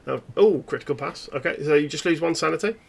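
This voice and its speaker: Gravelly guy running a horror rpg, stops and restarts a lot while describing stuff. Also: on the high side. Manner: halting, descriptive storytelling. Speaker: game master. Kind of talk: narrating a tabletop horror game.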